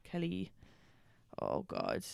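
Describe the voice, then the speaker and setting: A young adult woman hosting a podcast in casual chat, rambling with frequent restarts and an animated delivery. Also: fairly low pitch, takes it slowly, gravelly, no room sound. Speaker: podcast host.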